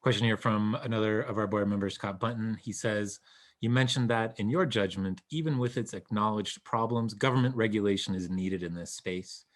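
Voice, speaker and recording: Low-voiced male moderator. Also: moderate pace. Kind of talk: reading audience questions.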